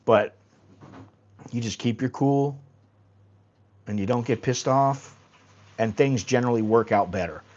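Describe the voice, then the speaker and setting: A man's voice: medium pitch, unhurried, pauses often, darkish tone, dull audio. A man hosting a casual livestream, telling rambling, blunt stories and swearing freely. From United States. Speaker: livestream host.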